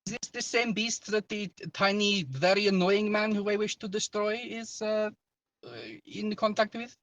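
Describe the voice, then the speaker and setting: A man's voice: high voice, steady tone, moderate pace, fairly bright tone, dry recording, voice pushed up. A man playing a formal, wondering adventurer woman. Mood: wary wonder.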